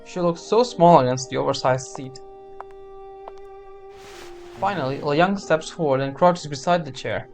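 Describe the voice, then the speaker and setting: Streamer: a man reading game text, chatty, slightly higher voice. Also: unhurried, long pauses, darkish tone, soft background music. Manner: chatty, wry commentary.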